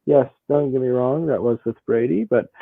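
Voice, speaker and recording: A man co-hosting a casual sports podcast, talking fast, repeating himself and stacking stats. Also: medium pitch, vocal fry, no room sound. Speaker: podcast co-host. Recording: dry, tinny phone-like audio.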